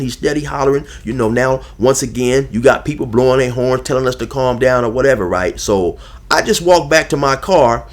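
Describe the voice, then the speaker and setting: An older man recounts a personal story in a casual, emphatic way, speaking straight to his viewers. His voice sits at an ordinary middle pitch, and he speaks in a relaxed, conversational tone. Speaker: vlogger telling a personal story.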